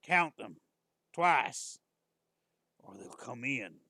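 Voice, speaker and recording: A man voicing a grim, reclusive old male neighbor with a raspy voice and a Southern accent, muttering slow warnings. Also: medium pitch, animated, pushed and bright, no echo, clean studio sound, exaggerated voice. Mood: ominous warning.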